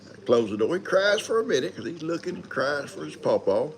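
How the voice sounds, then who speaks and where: Running a live stream, an older man chats casually and rambles in folksy fashion, saying hello to viewers one by one. His voice is a little high, very animated, and a little fast, with a faint hiss or hum on the recording.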